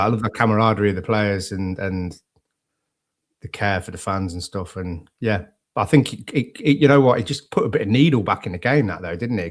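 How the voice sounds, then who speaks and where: A lowish male voice with an English accent, talking football casually with friends. He tells stories with energy and drops into quoted asides as he goes. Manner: chatty, animated storytelling with quoted asides. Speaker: podcast co-host.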